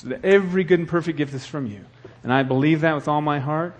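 A man preaching a sermon as the church's pastor, swinging between hushed, earnest talk and loud, fervent exhortation. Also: fairly high pitch, brisk, hardly any pauses, slight background noise.

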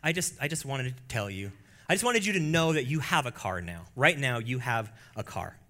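A preacher doing a laid-back generous friend. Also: male voice, medium pitch, sing-song, sharp tone. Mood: casual. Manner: halting, casual. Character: generous, laid-back male friend handing over a gift.

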